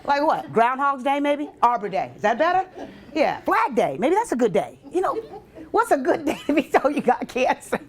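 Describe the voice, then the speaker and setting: A woman comedian performing a stand-up set at a college event, talking straight to the crowd and switching into quoted voices. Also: moderate pace. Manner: animated, jumps into quoted voices with sharp pitch leaps; banters directly with audience members. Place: college event stage before a live audience.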